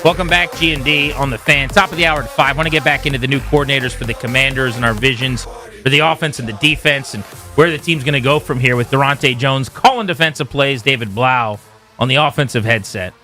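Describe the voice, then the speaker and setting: Man, sports radio host, casual chat, restarts, bright voice. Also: mid-range voice, quick pace, soft background music. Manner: chatty, self-interrupting. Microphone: studio microphone.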